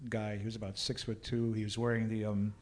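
A man's voice: lowish voice, a little fast. Guy, tour guide, laid back, spins stories with dry jokes. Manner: relaxed storyteller, dry humor, many fillers. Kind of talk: casual storytelling chat.

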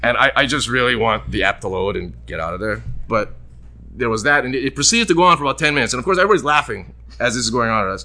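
A man hosting a show, telling a long anecdote in casual chat and acting out the people in it. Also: fast. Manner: animated, acts out quoted voices with big jumps in pitch. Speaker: radio show host.

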